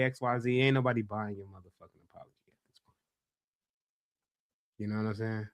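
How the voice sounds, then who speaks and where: A man hosting a casual podcast, talking in an animated, profane way and repeating himself when worked up. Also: medium pitch, no echo. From Los Angeles area. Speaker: podcast host.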